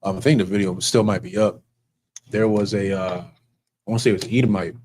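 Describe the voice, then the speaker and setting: A man's voice: lowish voice, steady tone, fast, a little mellow, a little hiss or hum, poor audio. A man who serves as an officer of a religious group, telling stories in a casual, earnest way. He rambles and restarts often. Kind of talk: casual storytelling.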